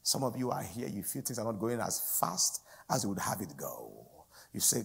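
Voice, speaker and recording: A man preaching a sermon, his gravelly, raspy voice rising in loud pleading bursts and then dropping to near whispers. His pitch rides up and down with lively, animated swings. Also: moderate pace. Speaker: guest preacher.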